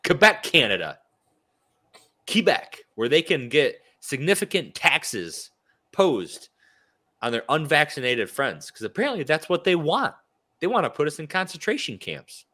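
Lively, sarcastic ranting man. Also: a little high, unhurried. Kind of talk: political talk show chat.

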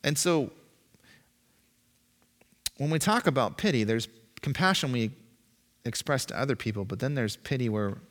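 A man preaching a sermon in an animated, emphatic way, acting out voices as he goes. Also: medium pitch, moderate pace, long pauses. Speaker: pastor. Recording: long reverb, echoey hall.

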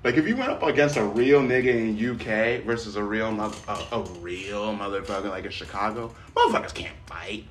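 A man's voice: on the low side, a little fast, hardly any pauses, echoey room, recorded from a distance, a little hiss or hum. A young man in casual chat with a friend, talking in loose, slangy banter that sometimes sinks to a mumble.

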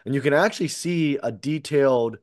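A man chatting on a podcast in a rambling, easygoing way, restarting his sentences and leaning on fillers. His voice sits at an ordinary middle pitch, recorded dry and close with no room sound. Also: brisk, a little mellow, no echo. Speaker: podcast co-host. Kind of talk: casual chat.

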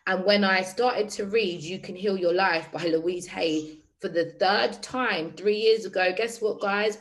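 A woman's voice: medium pitch, low-quality recording. A woman hosting a group session, speaking candidly and addressing the group directly in casual talk. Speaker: workshop host.

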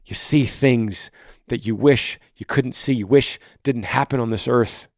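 A passionate male podcast host who answers a listener's faith question in a voice of ordinary pitch. He swings between hushed, intimate phrasing and raised, direct emphasis. The recording is dry and close to the mic. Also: unhurried, no room sound.

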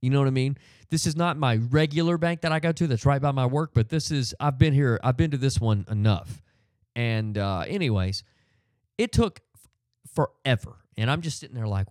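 Middle-aged male podcast host, lively swinging delivery, dry close sound, casual profane ranter. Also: mid-range voice, brisk, no room sound. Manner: profane, animated storytelling with frequent fillers. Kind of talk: ranting casual monologue.

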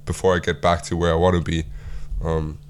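A man's voice: deep voice, level tone, brisk, clear, resonant tone. A young man co-hosting a casual podcast, reflective and searching for his words as he talks. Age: young adult. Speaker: podcast co-host. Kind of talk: casual chat.

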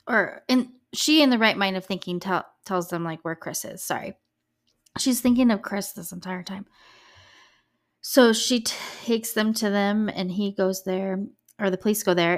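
A woman hosts a podcast, walking through a true-crime case in casual, animated talk full of fillers and the odd swear word. Her voice is a little scratchy and sits at an ordinary middle pitch for a woman. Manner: chatty, emphatic, with swearing and fillers. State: slightly scratchy voice. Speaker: podcast host.

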